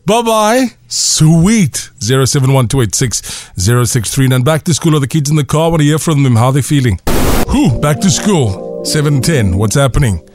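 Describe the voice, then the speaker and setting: Lively South African radio host, man. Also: mid-range voice, normal speed, music in the background. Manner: animated, chatty, uses local slang. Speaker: radio breakfast show host. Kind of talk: casual radio banter.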